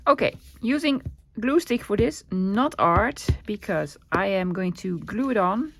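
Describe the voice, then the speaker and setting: A woman's voice: medium pitch, animated, a little slow, fairly bright tone, no room sound. A woman with a Dutch accent chatting casually while crafting at her desk, thinking aloud and answering her own questions. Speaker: crafting vlogger.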